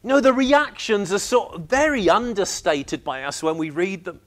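High-voiced man preaching an animated sermon. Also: normal speed, few pauses. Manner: animated storytelling, acting out reactions.

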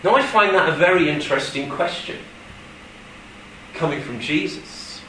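A man preaching a sermon as a pastor, telling stories in an animated way and putting on quoted voices. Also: a little high, normal speed, slight background noise. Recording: echoey room from a distance.

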